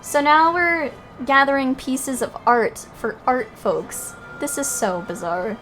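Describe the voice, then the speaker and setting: Young woman streamer, high voice, casual salty commentary, faint music behind. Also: big pitch swings, takes it slowly, fairly bright tone. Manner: swearing, amused asides. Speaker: game streamer.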